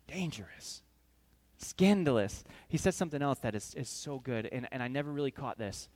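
A man preaching a sermon with a high-pitched voice, telling the story with lively, dramatic energy. He acts out moments as he goes and slows down to land his key points. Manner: animated storytelling, acting out scenes.

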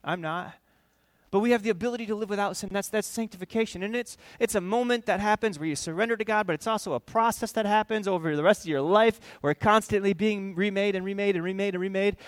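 Guy preaching a sermon, chatty and lively, talks right to the crowd, kinda high voice. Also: no echo. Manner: animated, conversational preaching with quick asides to the congregation. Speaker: pastor.

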